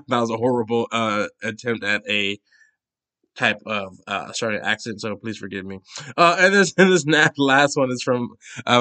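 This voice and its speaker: A man's voice: on the high side, a bit bright. A young man hosting a podcast, giving casual news commentary in a chatty, emphatic way, full of fillers, restarts and sassy asides. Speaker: podcast host.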